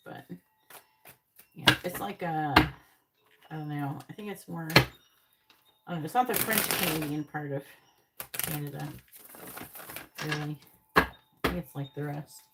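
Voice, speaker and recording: A woman's voice: low voice, measured pace, pauses often, very noisy. A woman giving tarot readings on a live stream, chatting directly with viewers in the chat. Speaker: tarot reader.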